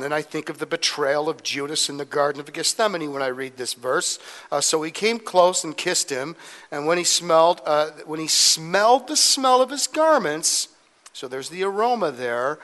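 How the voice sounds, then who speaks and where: A man teaches scripture from the pulpit with a slightly raised, lively pitch. He reads the verses, then breaks into casual, humorous asides. The long reverb of a church hall trails each phrase. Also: moderate pace. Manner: conversational, joking asides between scripture readings. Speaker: pastor. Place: church sanctuary.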